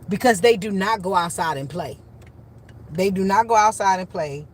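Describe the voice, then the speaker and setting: Speaking at a normal speed in a medium-pitched voice, a childcare worker tells casual, lively stories in her vlog. She acts out the comebacks she gave, stressing points and leaning heavily on "literally" and "you know."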